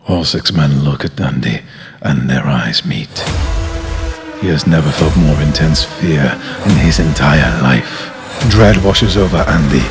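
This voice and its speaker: Deep-voiced man reading a horror tale. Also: big-room sound. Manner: dramatic, drawn-out storytelling. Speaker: podcast host. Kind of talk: mock-horror story reading.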